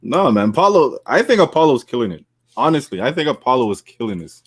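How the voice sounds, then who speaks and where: A man co-hosting a wrestling podcast in casual chat, animated and argumentative, often laughing. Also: medium pitch, fast talker, breathy edge, no room sound. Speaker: podcast co-host.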